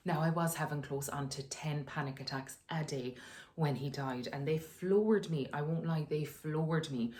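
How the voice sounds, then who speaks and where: A woman with a notably low voice shares frank, conversational advice from her sitting room at home. She talks openly and laughs easily along the way. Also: normal speed, a little mellow. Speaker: wellness vlogger. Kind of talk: candid personal advice talk.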